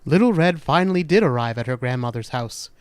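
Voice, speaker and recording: A man hosting a spooky podcast, narrating a horror story in a slow, deliberate, dramatic way, dropping to hushed dark turns. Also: medium pitch, expressive, clean tone, no echo.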